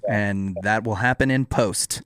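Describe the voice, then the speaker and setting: A man's voice: on the low side, measured pace, a bit bright, no echo, clean studio sound. A man co-hosting a podcast, asking playful interview questions and laughing often. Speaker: podcast co-host. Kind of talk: casual interview chat.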